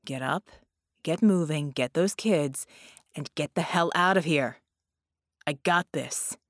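A woman's voice: low-pitched, slow pace, dry recording, clean studio sound, voice pushed down. A woman voicing a protective male genie in an audiobook, talking in clipped, commanding orders.

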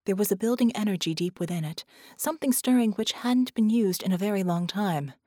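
A woman reading an audiobook in a measured, dramatic narration. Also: mid-range voice, warm tone, dry recording, clean studio sound. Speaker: audiobook reader.

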